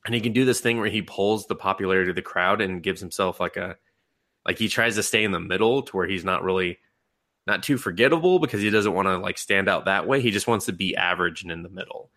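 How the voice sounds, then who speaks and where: A man's voice: low-pitched, fast, bright, forceful tone. A man hosting a podcast, casually and animatedly recapping an anime, laughing and acting out the characters' lines. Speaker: podcast host.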